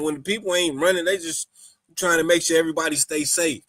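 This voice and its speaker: A man co-hosts a podcast, talking casually and emphatically and looping back on his points. His voice is bright and forceful. The recording is dry and close. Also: on the high side, quick pace, no echo. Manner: emphatic, repeats "you understand me". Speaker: podcast co-host. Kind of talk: casual commentary.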